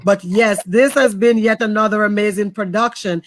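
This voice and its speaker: A woman's voice: medium pitch, fairly even intonation, moderate pace, slight background noise. A woman co-hosting a live cooking stream, praising the chef and recapping for viewers who are just tuning in. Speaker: co-host of a cooking show.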